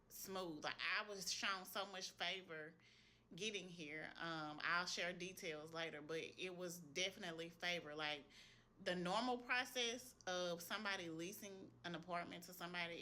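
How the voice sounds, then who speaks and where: A woman's voice: fairly low pitch, sharp tone, slight background noise. A woman, an esthetician, telling viewers a personal faith story in a casual, earnest testimony, speaking straight to them. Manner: earnest, retells what she heard in prayer.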